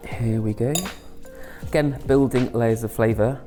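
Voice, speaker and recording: A man's voice: medium pitch, fairly even intonation, measured pace, warm tone, faint music behind. A man chatting casually through a home cooking video, rambling with self-mocking asides. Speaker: home cook and channel host. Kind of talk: casual cooking vlog chat.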